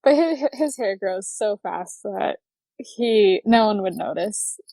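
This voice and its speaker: A woman's voice: mid-range voice, expressive, slow pace, creaky, mellow, no echo. A woman hosting a casual chat with a fellow maker, giggly and self-deprecating, laughing often as she talks. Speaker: podcast host.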